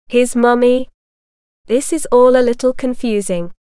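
Woman reading bewildered adult man, incredulous, exasperated, smooth, dry close sound. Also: on the high side, fairly even intonation, unhurried, warm tone, dry recording, natural voice.

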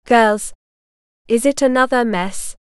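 A woman's voice: a little high, takes it slowly, clear, resonant tone, no room sound, studio quality. A woman narrator voicing a tired, stern middle-aged mother who speaks coldly. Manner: cold and clipped.

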